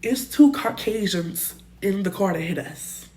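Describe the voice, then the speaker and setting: A young woman telling a casual storytime, animated and slangy, swearing freely and jumping between loud bursts and muttered asides. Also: medium pitch, measured pace. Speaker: storytime vlogger.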